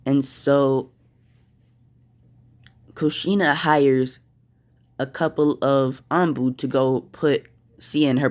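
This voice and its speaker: A man telling an improvised fan story, slow and halting, with fillers. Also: mid-range voice.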